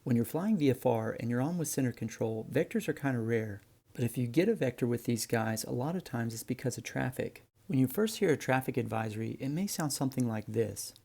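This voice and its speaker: A man teaching flying, explaining radio calls in a relaxed, friendly way to viewers. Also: medium pitch, brisk, creaky. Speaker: flight instructor. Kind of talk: instructional narration.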